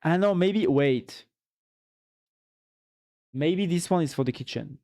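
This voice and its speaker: A man's voice: fairly high pitch, expressive, slow, warm tone. A man with a French accent chatting casually on a live stream, rambling and reading chat aloud; French is his first language. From France.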